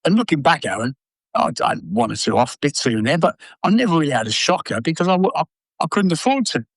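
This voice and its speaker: An older former footballer telling blunt, sweary stories in an interview. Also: male voice, fairly high pitch, quick pace, husky, no echo, low-quality recording. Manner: blunt, sweary, animated anecdotes. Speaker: former footballer and manager, guest. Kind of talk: casual storytelling interview.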